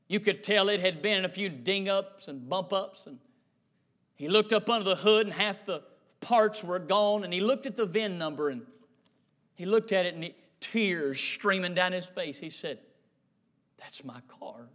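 A preacher with a high, bright, forceful voice telling a sermon story. He builds rhythm through repeated phrases. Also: moderate pace. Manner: repetitive, rhythmic cadence.

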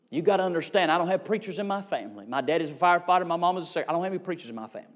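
A high-pitched man with a drawl delivers a storytelling sermon. He talks in a folksy, emphatic way, leaning on comic exaggeration to land his points. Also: animated, racing, hardly any pauses. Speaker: revival preacher.

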